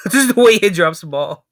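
A woman's voice: on the low side, lively intonation, normal speed, no echo. A young woman giving casual reaction commentary, swearing a lot and laughing between surprised exclamations. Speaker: reaction video creator.

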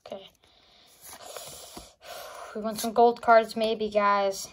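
A woman opening trading cards for a casual vlog, excitable and gasping, often calling out to her viewers, recorded on a phone. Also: a little high, slow, long pauses, slight background noise. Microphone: phone on a charger.

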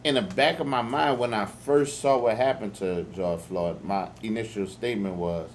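A man's voice: on the low side, normal speed, slight background noise. A man from New Orleans with a New Orleans accent, co-hosting a podcast in casual, laid-back, reflective chat. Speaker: podcast co-host.

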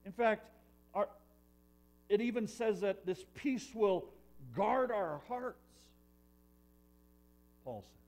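Animated, earnest male pastor preaching. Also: sits high, takes it slowly, long pauses. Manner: earnest preaching with swings from loud to hushed. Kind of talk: sermon. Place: church.

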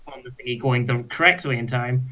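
A man playing a tabletop role-playing game, his voice mid-pitched and ordinary. He thinks aloud, hesitating and filling the gaps. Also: a little fast, sharp tone. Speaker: player.

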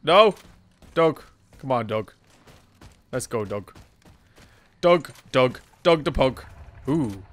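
A man's voice: medium pitch, lively intonation, slow pace, pauses often. A young man giving rowdy, joking let's play commentary, swearing and bantering at the game. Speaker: gaming YouTuber.

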